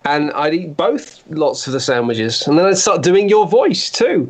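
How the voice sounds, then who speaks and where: Lively, crude man. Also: a little high, unhurried, few pauses. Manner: crude, rambling, swings into silly voices. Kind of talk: comic absurd monologue.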